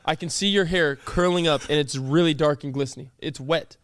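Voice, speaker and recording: Young man, fairly high voice, quick podcast comebacks, dry sound. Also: fairly bright tone, no room sound. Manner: joking, defensive, quick comebacks. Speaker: podcast co-host. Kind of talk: casual podcast banter.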